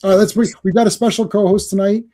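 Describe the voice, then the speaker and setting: Chatty Canadian man with a high, dark voice. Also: fairly even intonation, quick pace. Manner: chatty, laughing, breaks into silly voices. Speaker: podcast host. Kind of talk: casual livestream chat.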